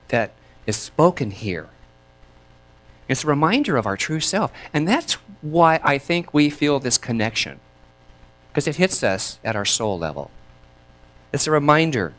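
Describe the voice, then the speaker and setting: Male minister, sermon, chatty delivery with a lively, swinging pitch, leads call and response. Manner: lively, chatty, laughs between thoughts.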